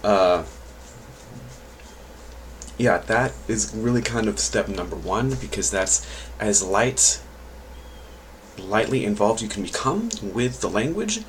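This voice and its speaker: Low-voiced man, rambling and hesitant. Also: animated, slow pace, long pauses, a little hiss or hum, poor audio. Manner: rambling, hesitant, many fillers and restarts. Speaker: language learner giving tips. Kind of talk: casual vlog talk.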